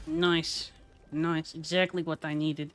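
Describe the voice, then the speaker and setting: Playful high-voiced man streaming a card game. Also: little pitch movement, slow pace, fairly bright tone, slight background noise. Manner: playful, jokey, talks to himself and the game. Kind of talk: casual gameplay commentary.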